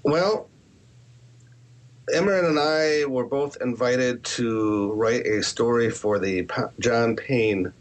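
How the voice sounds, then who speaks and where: A man's voice: medium pitch, slow. A man who writes horror and podcasts, answering interview questions in a candid, rambling way with self-deprecating asides. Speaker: author and podcaster.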